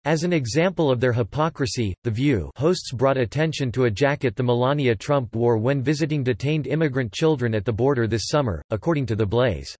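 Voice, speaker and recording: A man giving a scripted news narration, reading an article through at an even, steady pace. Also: mid-range voice, a little fast, few pauses, no echo.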